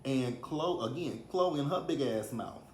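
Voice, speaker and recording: Here the same kind of speaker, a man from Texas in his thirties, animatedly recaps reality TV and performs people's lines in a casual way. His pitch is medium and his pace a little slow; there's roomy echo, faint ambience and slight background noise.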